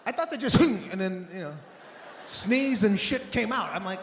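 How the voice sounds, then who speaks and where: Animated high-voiced man doing stand-up. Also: moderate pace, slight background noise. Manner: animated, shouting punchlines, acting out family members. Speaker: stand-up comedian. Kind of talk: stand-up comedy. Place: stage in a large theater. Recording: live hall with loud ambience. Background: audience laughter.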